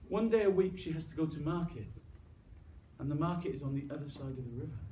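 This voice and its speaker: A man's voice: fairly high pitch, expressive, fast, mellow, slight background noise. A man telling a traditional story live, coaxing his listeners to join in and adding sound effects. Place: room with live audience. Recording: roomy, distant mic.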